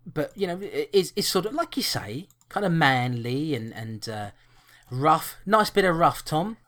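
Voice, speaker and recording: A man's voice: a little high, sing-song, a little slow, fairly bright tone. A man co-hosting a podcast, chatting casually about a film in a rambling, jokey way with frequent restarts. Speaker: podcast co-host. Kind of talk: casual film review chat.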